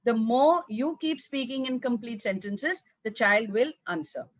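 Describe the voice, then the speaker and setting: A woman from South India speaks with a Tamil accent, coaching English teachers in an emphatic, repetitive way. She acts out little teacher-and-child exchanges as she goes. Her fairly high voice sounds dry and close to the mic. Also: expressive, measured pace, no room sound. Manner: emphatic, repeats words, acts out classroom dialogues. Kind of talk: teacher training talk.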